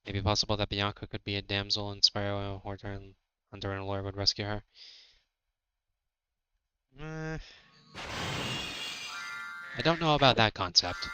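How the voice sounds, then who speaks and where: A man's voice: on the low side, fast talker, lo-fi sound, background noise. A man in his thirties chatting casually and a bit ramblingly while livestreaming a fan game. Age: 30s. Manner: relaxed, rambling, with fillers. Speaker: streamer. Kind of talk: casual gameplay livestream commentary.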